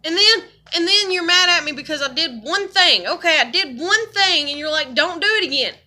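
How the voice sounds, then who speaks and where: This woman in her thirties has a very high, bright, pushed voice with lively intonation at a normal pace. She's working through her emotions in a rambling vlog confession laced with profanity.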